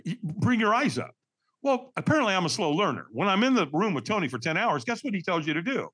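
A man telling a personal story as a podcast guest, energetic and vivid, acting out what others said. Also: high voice, fast, breathy edge. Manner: energetic, acts out quoted voices, frequent restarts. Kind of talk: animated storytelling.

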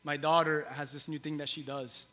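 A man's voice: on the high side, flat delivery, normal speed, sharp tone, in a large hall. A man in his thirties preaching a conversational sermon in a church, repeating phrases for emphasis. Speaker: pastor. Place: church hall with long reverb.

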